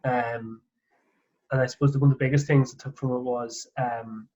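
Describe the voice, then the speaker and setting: A man's voice: medium pitch, flat delivery, moderate pace, a little mellow. A man hosting a casual coaching conversation, talking in a rambling way full of "like" and restarts. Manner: rambling, lots of "like" fillers and restarts. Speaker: host, golf coach. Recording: muffled lo-fi audio.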